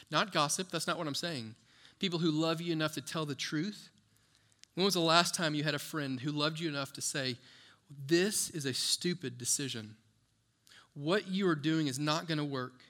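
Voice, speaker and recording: A man's voice: fairly high pitch, pushed and bright. A man preaching a sermon as pastor, conversational and full of rhetorical questions to the congregation. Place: church.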